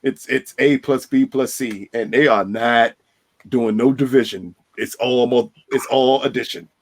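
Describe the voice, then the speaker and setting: A man's voice: medium pitch, steady tone, a little slow. Teasing, emphatic male podcast host. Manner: teasing, emphatic, repeats himself. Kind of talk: casual banter.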